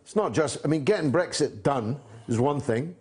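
A man hosting a political interview, asking long, measured questions broken up by frequent "uh" pauses. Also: on the high side, lively intonation, darkish tone, breathy edge. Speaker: host.

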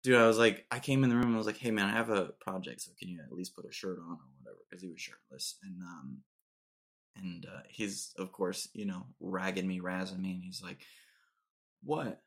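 A man's voice: deep voice, fairly even intonation, brisk, a bit bright. A young man hosting a casual podcast chat, telling joking stories and saying dude and bro a lot. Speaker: podcast host.

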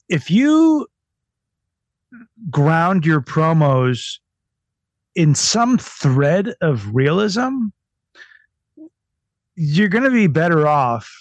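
Slow-talking, irreverent male podcast guest. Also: on the high side, no room sound. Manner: laughing, irreverent, mocking. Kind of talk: casual podcast interview.

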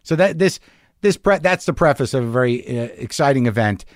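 A man's voice: medium pitch, expressive, a little fast, no room sound, studio quality. A middle-aged man hosting a podcast, telling a rambling, profane, self-mocking story in a casual monologue. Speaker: podcast host.

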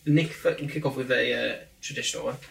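A man's voice: mid-range voice, fast talker, gravelly, a little hiss or hum. A man, co-hosting a podcast in casual banter and acting out quotes as he tells stories. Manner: animated storyteller, acts out quotes. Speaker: podcast co-host. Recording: echoey room, mic at a distance.

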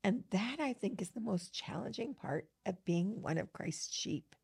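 Gravelly-voiced woman discussing scripture. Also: mid-range voice, animated, a little slow, darkish tone, no room sound, clean studio sound. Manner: earnest and enthusiastic, with frequent fillers. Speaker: co-host of a scripture study podcast. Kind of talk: gospel discussion, reading scripture aloud.

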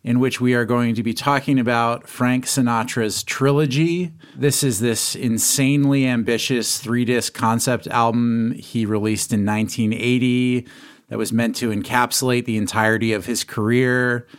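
A man's voice: mid-range voice, steady tone, moderate pace, smooth. A man hosting a podcast, giving an upbeat scripted introduction and stretching out key words. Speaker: podcast host.

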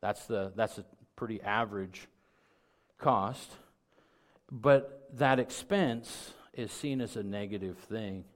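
Middle-aged pastor guy, lowish voice, chatty sermon that swells up loud and punchy. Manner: conversational preaching that builds to loud emphatic peaks.

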